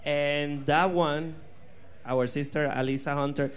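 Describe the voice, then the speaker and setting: A man's voice: fairly high pitch, steady tone, measured pace, clean tone. A man with a Puerto Rican accent, a drag performer co-hosting a bar viewing party, bantering with crude, laughing humor. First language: Spanish. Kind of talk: casual panel chat. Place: bar viewing party before a live crowd.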